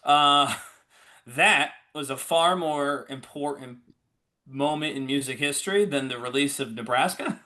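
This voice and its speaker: A man trades opinions in relaxed podcast banter, animated and laughing often. His voice is bright and forceful, sitting at a middling pitch. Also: a little slow. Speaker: podcast co-host. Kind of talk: casual chat.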